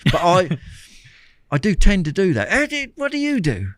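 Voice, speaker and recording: An older man, a champion angler telling anecdotes in an interview, animated, repeating words and laughing often. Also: high-pitched, moderate pace, dry recording, studio quality. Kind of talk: storytelling interview chat.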